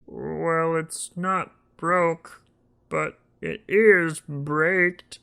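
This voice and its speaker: A man's voice: very high voice, monotone, normal speed, pushed and bright, smooth, pitched above the performer's own voice. A man voicing a young male henchman with a raised, drawling voice. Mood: dazed, shocked. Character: slow-witted young male henchman Jeb.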